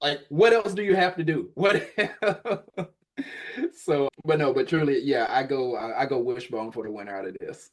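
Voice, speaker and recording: A man co-hosting a podcast in casual chat, playful, with quick laughing asides. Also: mid-range voice. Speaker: podcast co-host.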